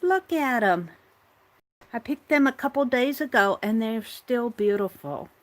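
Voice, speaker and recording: On a casual morning art livestream, a woman chats with herself and her viewers while working at her craft table. Her fairly high voice is expressive and moves at a measured pace.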